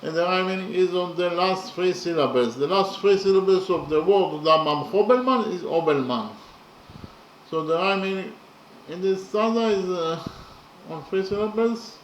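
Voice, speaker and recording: A man explaining verse slowly and methodically, counting syllables and letters aloud with many pauses. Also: high voice, lively intonation, reverberant, dull audio, a little hiss or hum. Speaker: poetry lecturer. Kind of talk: methodical spoken analysis of verse.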